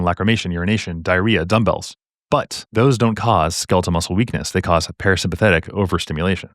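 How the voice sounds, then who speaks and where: A man tutoring medical exam questions, walking through answers in a casual, jokey lecturing way with quick asides. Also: deep voice, no echo, studio quality. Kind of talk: explaining practice exam questions.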